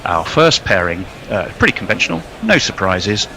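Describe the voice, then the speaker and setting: A man's voice: low voice, sing-song, normal speed, a crowd in the background. A man hosting a casual podcast chat, introducing guests with playful, jokey billings. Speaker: host.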